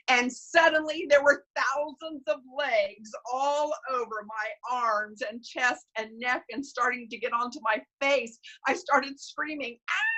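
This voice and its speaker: A woman storyteller telling family tales and folk tales in an expressive, animated way. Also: fairly high pitch. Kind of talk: storytelling performance.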